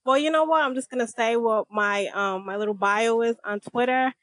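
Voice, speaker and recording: A chatty woman, a guest on a casual podcast. Her voice is fairly high, and she drawls through fillers, recorded dry and close. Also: moderate pace, fairly bright tone, no room sound. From Rhode Island, USA. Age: 30s.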